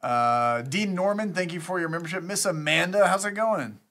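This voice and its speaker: A man hosting a live stream in an easygoing, chatty way. His voice sits a little higher than most men's, and he keeps up a loose, conversational flow as he reads out names and thanks. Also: moderate pace, fairly bright tone. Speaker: streamer scambaiting host. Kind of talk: casual live-stream chat.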